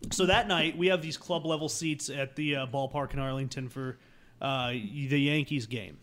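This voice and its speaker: A man telling a comic story on a podcast, acting out the other people in it and swinging between loud bursts and hushed asides. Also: mid-range voice, normal speed. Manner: acts out quoted voices, swings loud and soft. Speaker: podcast guest.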